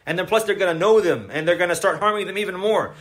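A high-pitched, somewhat bright male voice delivers a fast religious lecture as an Islamic lecturer. He stresses his points, repeats them, and keeps questioning his listeners.

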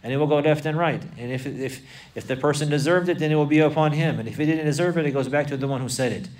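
A man's voice: a little high, quick pace, darkish tone. Repetitive male religious lecturer, distant mic. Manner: repetitive, restating phrases, quoting Arabic texts. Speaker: Islamic teacher. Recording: voice from away from the mic.

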